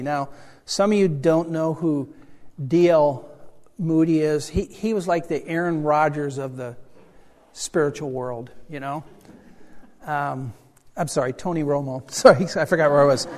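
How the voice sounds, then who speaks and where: Older man, pastor, storytelling sermon, fairly high voice, chatty, self-deprecating, long hall echo. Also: darkish tone. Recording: reverberant hall sound.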